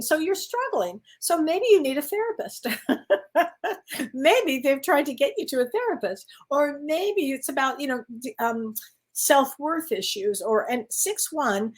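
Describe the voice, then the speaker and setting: A woman doing card readings as a spiritual medium, talking in a loose, chatty way. Her voice sits somewhat high, and she keeps calling her listeners honey. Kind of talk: casual livestream chat.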